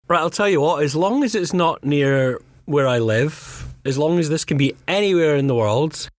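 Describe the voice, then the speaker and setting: A man co-hosting a podcast, chatting in a hesitant, playful way. His voice sits fairly high and swoops a lot. The sound is dry and close. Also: animated, moderate pace, no echo. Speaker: podcast co-host. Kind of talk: casual chat.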